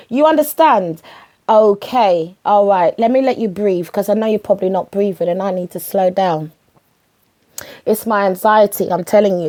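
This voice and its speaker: A woman with a British accent hosting a podcast, telling a comedic story in an animated, slangy way, full of rapid asides. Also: medium pitch. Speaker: podcast host.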